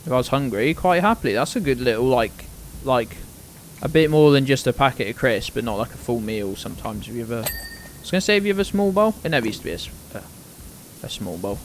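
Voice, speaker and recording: A man's voice: medium pitch, animated, brisk, a little hiss or hum. Rambling British man streaming a game. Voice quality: rambling, swears casually, trails off into mumbles. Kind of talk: casual gaming chat.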